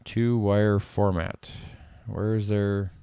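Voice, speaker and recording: A middle-aged man streaming live code work, reading lines aloud and thinking out loud in a casual way. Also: lowish voice, level tone, slow, clear, resonant tone, no echo. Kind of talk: casual live-coding commentary.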